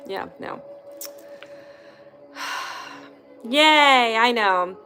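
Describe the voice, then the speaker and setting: A woman's voice: medium pitch, expressive, a little slow, pauses often, fairly bright tone, faint music behind. A woman hosting a casual live online session from home, chatty and candid, swearing freely when something annoys her. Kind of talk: casual live-stream chat. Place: at home indoors by a fireplace.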